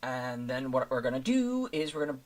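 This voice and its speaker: A man's voice: medium pitch, big pitch swings, brisk. Casual male streamer, mid-range voice, talks his way through the work, loose and rambling. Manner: rambling, thinking aloud with many fillers. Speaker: streamer making thumbnails. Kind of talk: casual live-stream commentary.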